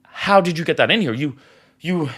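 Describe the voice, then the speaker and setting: A man's voice: a little high, animated, normal speed, a bit bright, breathy edge. A man voicing a panicked, stammering bartender. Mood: alarmed. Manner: stammering, tense. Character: alarmed male bartender, stammering and stern.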